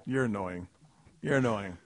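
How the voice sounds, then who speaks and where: A man hosting a comedy podcast in casual chat, animated and excitable, quick to laugh. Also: lowish voice, no room sound. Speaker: podcast host.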